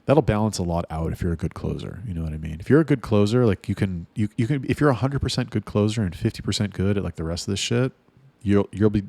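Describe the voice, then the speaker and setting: Gravelly low-voiced blunt male sales coach. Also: darkish tone, no room sound. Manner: blunt and profane, rambling with restarts. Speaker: sales trainer for chat staff. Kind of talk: casual coaching monologue.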